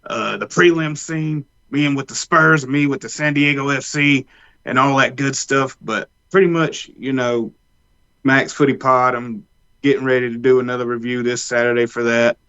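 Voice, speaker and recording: A man's voice: medium pitch, steady tone, moderate pace, sharp tone, clean tone, dull audio. A man co-hosting a podcast, rambling loosely with frequent restarts. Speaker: podcast co-host. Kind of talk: casual chat.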